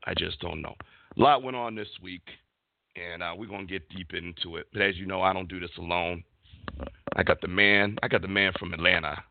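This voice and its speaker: A man's voice: sits low, brisk, creaky, dry recording. A middle-aged man hosting a casual sports talk show, rambling and searching for words as he goes. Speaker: podcast host. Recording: dry, phone-like audio.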